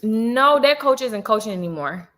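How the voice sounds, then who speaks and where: A woman in her twenties hosting a livestream, telling a personal story in a casual, animated way, full of slang and asides to her viewers. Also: on the high side, moderate pace. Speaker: livestream host.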